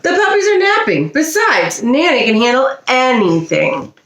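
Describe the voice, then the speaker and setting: A woman's voice: high-pitched, big pitch swings, normal speed, fairly bright tone, full character voice. A woman voicing a confident, easygoing male father dog who reassures his mate. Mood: reassuring. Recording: roomy echo.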